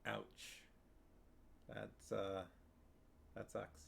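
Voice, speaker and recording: A man's voice: on the low side, flat delivery, drawn-out words, vocal fry, slight background noise. A man streaming live, chatting casually and rambling as he reacts to messages from his viewers. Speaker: streamer reading a book with viewers.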